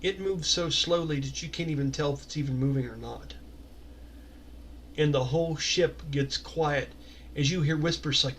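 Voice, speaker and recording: A man narrating as game master of a tabletop game, descriptive and relaxed, with casual swearing. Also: on the high side, moderate pace, a little hiss or hum.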